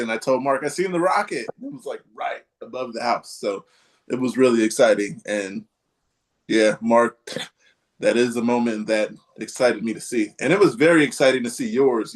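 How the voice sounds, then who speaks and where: A man's voice: mid-range voice, moderate pace. A man hosting a casual live podcast chat, rambling and hesitant, with many ums and restarts. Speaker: podcast host.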